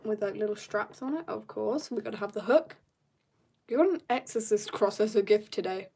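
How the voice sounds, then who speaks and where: A woman's voice: mid-range voice, moderate pace, creaky, mellow, breathy edge. A woman from South Africa chatting casually with viewers as she draws on a livestream from home, reading out and answering their comments. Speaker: art livestreamer. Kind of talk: casual chat while drawing live. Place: home, room upstairs.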